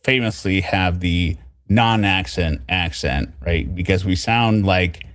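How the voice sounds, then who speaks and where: A man's voice: deep voice, no room sound, clean studio sound. A man from the US West Coast hosting a stream, arguing playfully and laughing. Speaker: stream host. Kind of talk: casual chat on a stream.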